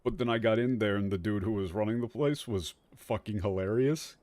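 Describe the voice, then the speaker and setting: Young male streamer, tired but animated, joking game commentary, dry close sound. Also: fairly low pitch, fairly quick, dry recording. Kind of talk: let's-play commentary. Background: faint game music.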